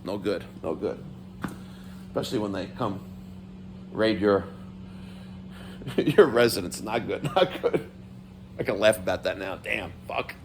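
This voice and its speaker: A man's voice: on the low side, a little slow, long pauses, a little hiss or hum. A middle-aged man, ranting casually to camera about delayed mail, swearing and exasperated. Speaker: vlogger.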